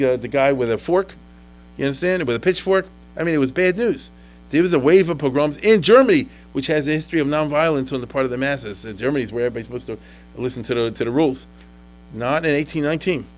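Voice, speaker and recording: A man giving a classroom history lecture in an animated, rambling way, talking straight to his students with asides and questions. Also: medium pitch, low-quality recording.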